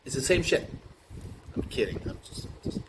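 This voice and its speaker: A man riffing through an improvised comic monologue, rambling and halting with many fillers and restarts. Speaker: comedian. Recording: noisy recording with room ambience.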